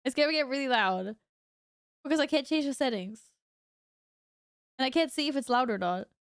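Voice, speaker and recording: A woman streams a game and chats casually with her viewers, a bit flustered as she talks to chat while fixing her audio. Her voice sits high and is expressive, with a clear, resonant tone at a moderate pace. The recording is dry and studio quality.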